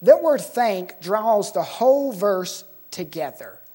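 A woman preaching to a congregation at a middle pitch. She puts questions to her listeners and stretches out the words she wants to land. Her delivery is emphatic and unhurried. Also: lively intonation, mellow, slightly rough. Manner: emphatic, slows to stress key words. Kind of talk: sermon.

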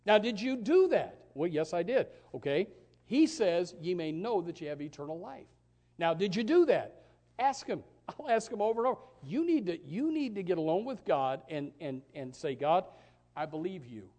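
A high-pitched male pastor delivering a sermon in a folksy, stammering way. He swings from hushed, tender quotations of God to loud, emphatic exhortation. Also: big pitch swings, moderate pace. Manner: drops to a hushed voice when quoting God, then rises loud and emphatic; stammering restarts, folksy asides.

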